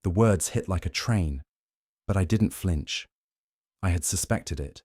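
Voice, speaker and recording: A young man narrating his own dramatic story in the first person, brooding and measured, with a vengeful edge. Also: low-pitched, darkish tone, breathy edge, no room sound, studio quality.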